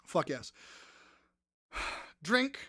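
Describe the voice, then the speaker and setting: A woman hosting a live-stream trivia game, excitable and profane, often breaking into shouts and squeals. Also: on the low side, extremely slow, background noise.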